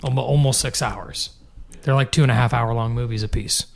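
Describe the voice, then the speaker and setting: A man's voice: medium pitch, steady tone, fairly quick, vocal fry. A man co-hosting a podcast, chatting casually, explaining at length with some swearing. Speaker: podcast co-host. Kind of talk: casual chat.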